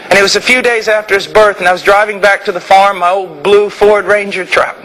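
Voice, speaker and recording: A man preaching a sermon, moving between quiet reflection and fervent shouting. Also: high-pitched, steady tone, brisk, low-quality recording. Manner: impassioned, swings from quiet to shouting.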